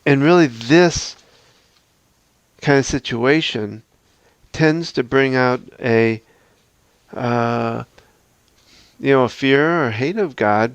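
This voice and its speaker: Smooth-voiced man talking earnestly. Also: mid-range voice, takes it slowly, long pauses, no echo. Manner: earnest, reflective, talks through a numbered list. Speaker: podcast host. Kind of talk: unscripted podcast talk.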